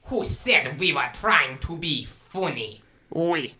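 A woman's voice: low voice, animated, slow pace, pushed and bright, husky, heavily acted. A woman voicing a mock-suave character with an over-the-top, cheesy fake French accent. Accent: put-on French.

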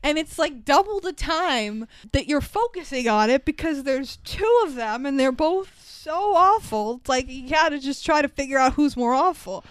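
A young woman co-hosting a casual movie recap podcast, animated and sarcastic, swearing freely and laughing often. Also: high voice, normal speed, hardly any pauses, no echo, studio quality. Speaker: podcast co-host.

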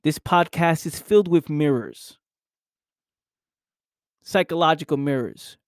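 A podcast host whose voice is a little high speaks at a measured pace in a motivational monologue, earnest and emphatic, repeating key phrases and swearing casually. The recording is studio quality, with no echo.

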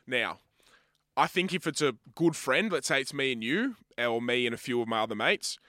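A man's voice: medium pitch, lively intonation, normal speed, sharp tone, no room sound, studio quality. A young man co-hosting a casual podcast, swearing freely and acting out his friends' lines. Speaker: podcast co-host. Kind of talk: casual chat.

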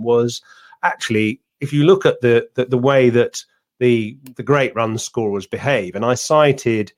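A man co-hosting a cricket podcast, telling anecdotes in a rambling, casual way with many restarts and asides. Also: fairly low pitch.

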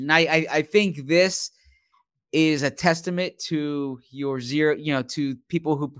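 A man's voice: mid-range voice, fairly bright tone, smooth, no room sound, studio quality. A man co-hosting a sports podcast, talking in a casual way that often stops and restarts. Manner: halting, many restarts and fillers. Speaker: podcast co-host, sports writer.

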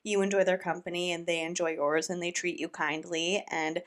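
A woman hosting a reaction commentary, talking in a sarcastic, animated and incredulous way. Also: fairly low pitch, moderate pace. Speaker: commentary host.

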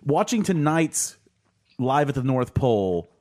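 A man hosting a podcast, chatting casually with friends and swearing as he rambles. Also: a little slow. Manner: rambling, swearing, lively pitch. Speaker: podcast host.

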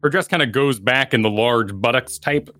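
A man narrating as game master in a tabletop game, describing scenes in a relaxed way with fillers. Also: mid-range voice, moderate pace, dry recording.

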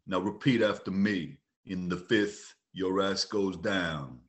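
A man doing an impression of a menacing crime boss, speaking slowly and threateningly. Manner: slow, low and threatening.

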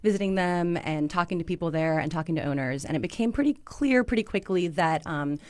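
A woman's voice: lowish voice, animated, fairly quick, darkish tone, no room sound. A woman newspaper food critic speaking as a radio guest, conversational with many ums. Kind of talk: radio interview.

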